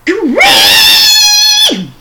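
A woman's voice: wildly swooping pitch, drawn-out words, shouting, very noisy, exaggerated voice. A woman voicing a shrieking female voodoo witch in a reading of a poem. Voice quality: shrill shriek.

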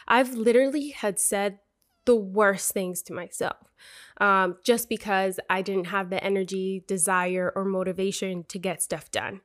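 A woman's voice: mid-range voice, steady tone, measured pace. A young adult woman hosting a podcast, giving a candid, profane, sisterly motivational talk. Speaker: podcast host.

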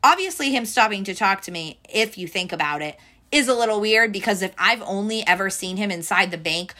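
A young woman in casual chat, retelling a workplace story and acting out what each person said, with a steady stream of "like". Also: mid-range voice, a little fast. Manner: animated storyteller, fills with "like", acts out quotes. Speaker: bank teller telling a story.

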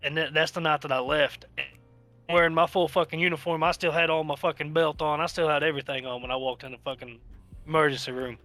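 Man, casual chat, profane rambling storyteller, bright tense voice, faint music behind. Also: on the high side, fairly even intonation, quick pace, dry recording. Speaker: podcast co-host telling stories.

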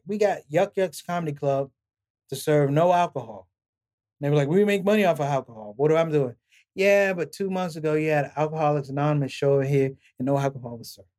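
Middle-aged guy, comedian, telling stories on a podcast, kinda high voice, acts out every quote. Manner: animated storyteller, acts out quotes with laughs. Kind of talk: storytelling in casual interview.

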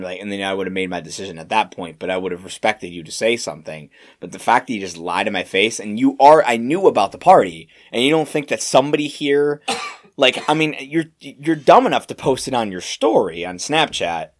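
Rambling low-voiced young man venting. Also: brisk. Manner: rambling, many fillers and restarts, animated retelling. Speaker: podcast co-host. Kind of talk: casual storytelling chat.

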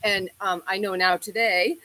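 A woman co-hosting a talk show, telling a story in a lively, casual way and laughing often. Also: medium pitch, moderate pace, heavy background noise. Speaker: co-host.

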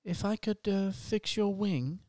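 Performer doing tiny shy polite hero, improv comedy, halting and apologetic, mid-pitched, dry close sound. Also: a little mellow, no echo, close to an everyday voice. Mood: hesitant.

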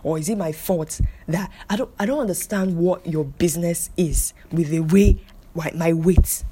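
A woman's voice: lowish voice, moderate pace, mellow, a little hiss or hum. Emphatic woman podcast host. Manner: emphatic, scolding, repeats phrases for stress. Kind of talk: solo podcast monologue.

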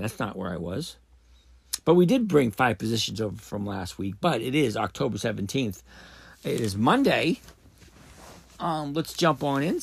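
A man's voice: medium pitch, no echo. A man hosting a casual podcast, rambling and correcting himself as he thinks aloud. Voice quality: gravelly, husky. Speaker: podcast host. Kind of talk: casual trading podcast talk.

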